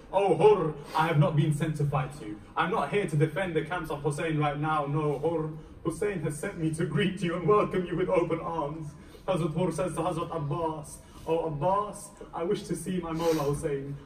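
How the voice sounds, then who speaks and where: A man's voice: on the high side, darkish tone, a little hiss or hum. A male preacher delivering a Muharram sermon, telling a story dramatically and voicing the figures in it with mounting emotion. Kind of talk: Muharram majlis sermon narration. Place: mosque hall. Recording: echoey hall, voice picked up from a distance.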